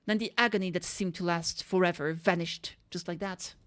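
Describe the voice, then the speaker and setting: A woman's voice: lowish voice, fairly even intonation, moderate pace, a little hiss or hum. A woman streamer reading a game's story aloud, sometimes stumbling and correcting herself.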